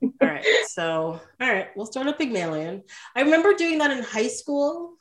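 A woman's voice: high voice, lively intonation, normal speed. Giggly chatty woman, filler-heavy. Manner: bubbly, giggly, lots of "like" fillers. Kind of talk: casual chat about films.

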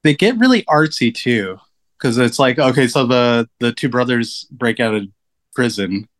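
A man is a guest on a casual film podcast. He talks in a loose, rambling way, stringing thoughts together with lots of fillers. His pitch is typical for a man's voice. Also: lively intonation, moderate pace.

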